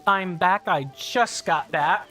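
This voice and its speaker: A woman's voice: lowish voice, slow pace, a bit bright, faint music behind. Rambling, chatty woman game streamer. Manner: rambling, chatty, self-deprecating. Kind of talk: casual livestream chat. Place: home office.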